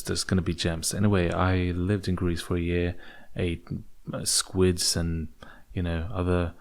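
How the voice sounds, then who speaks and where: With a low voice, a young non-native English speaker rambles through his solo podcast using an affected British accent, stumbling over frequent fillers and restarts.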